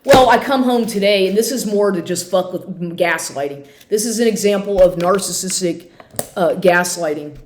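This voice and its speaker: A woman's voice: medium pitch, moderate pace, darkish tone, slight background noise. A woman in her fifties ranting angrily to camera at home, swearing often and restarting her sentences. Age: 50s. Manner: heated, swearing, repetitive restarts. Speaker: vlogger. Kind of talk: angry profane rant to camera. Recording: echoey room.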